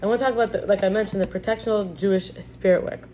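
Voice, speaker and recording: A woman's voice: mid-range voice, fairly even intonation, very fast, warm tone. A woman giving a casual spiritual lesson, talking in a chatty way with frequent restarts while reading from a book. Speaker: teacher. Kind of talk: casual spiritual teaching talk.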